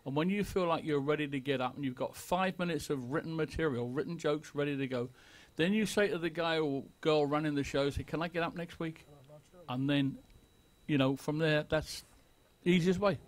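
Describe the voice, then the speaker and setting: A man's voice: on the high side, brisk. A man on a comedy panel giving earnest, instructive advice to a caller. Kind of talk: giving advice on live show.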